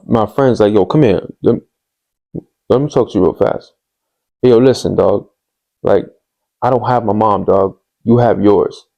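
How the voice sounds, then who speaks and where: A man telling a personal story on his podcast, candid and rambling, with lots of fillers and street slang. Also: fairly low pitch. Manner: hushed and subdued later on. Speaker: podcast host.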